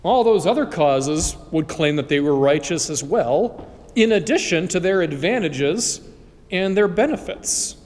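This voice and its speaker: A man's voice: a little high, lively intonation, a little slow, darkish tone. A male priest voicing a tired ordinary man who brushes off each offer dryly, in a church. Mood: unimpressed. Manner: dry, dismissive. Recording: long church reverb.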